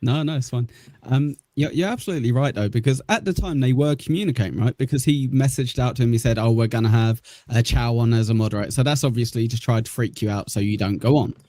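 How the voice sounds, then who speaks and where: A man's voice: medium pitch, quick pace, warm tone, dry recording, studio quality. A man on a commentary podcast explaining things with some hesitation. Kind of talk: casual commentary chat.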